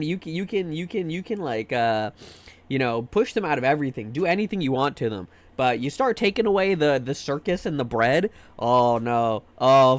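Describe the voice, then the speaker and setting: A man's voice: fairly high pitch, no room sound. A young American man ranting casually on a livestream, rambling and profane, repeating words as he restarts sentences. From United States. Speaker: livestream host. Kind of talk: casual stream chat.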